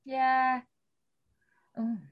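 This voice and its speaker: A woman's voice: sits high, level tone, very slow, muffled recording. A woman in a casual chat, speaking frankly and swearing casually.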